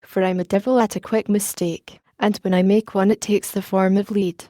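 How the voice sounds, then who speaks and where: A woman reading the part of a gruff, suspicious male coach guard who growls his threats. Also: mid-range voice, level tone, normal speed, dark tone, dry recording, clean studio sound, close to an everyday voice. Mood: threatening.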